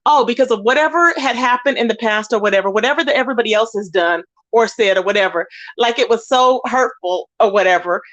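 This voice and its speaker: Woman, livestream host, heated rant, indignant, emphatic, slightly high voice. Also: quick pace, few pauses, fairly bright tone, highs cut off. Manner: indignant, emphatic, talks to chat viewers.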